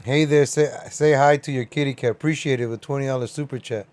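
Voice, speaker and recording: A man's voice: mid-range voice, fairly even intonation, fast talker, darkish tone, soft background music. A man hosting a livestream, giving casual reaction commentary. He laughs a lot and swears freely. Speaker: livestream host.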